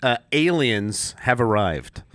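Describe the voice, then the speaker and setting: A man's voice: mid-range voice, sing-song, a bit bright, no echo. A man co-hosting a podcast, asking playful questions in a casual interview. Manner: quick playful question asker. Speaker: podcast co-host.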